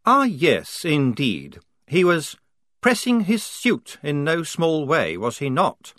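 A man's voice: a little high, wildly swooping pitch, slow, fairly bright tone, no echo, studio quality, pitched above the performer's own voice, exaggerated voice. A man voicing a fussy, anxious young army officer who speaks in a prim, formal and polite way.

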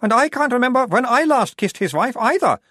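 A man's voice: extremely high pitch, big pitch swings, fairly quick, bright, forceful tone, no echo, studio quality, voice pushed up, heavily acted. A man voicing hapless male guards who speak in a sheepish, wheedling way.

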